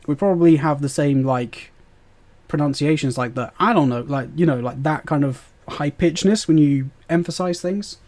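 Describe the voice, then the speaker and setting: Chatty British streamer, mellow voice. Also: male voice, on the high side, normal speed. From Britain. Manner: chatty and rambling, answering chat with fillers and laughs. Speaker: gaming streamer. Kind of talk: live stream chat.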